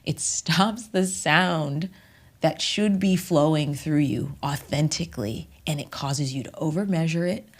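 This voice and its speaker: Low-voiced woman, measured and emphatic. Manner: measured and emphatic, drops at times into a whisper. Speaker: voice teacher and author. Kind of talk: reflective podcast interview.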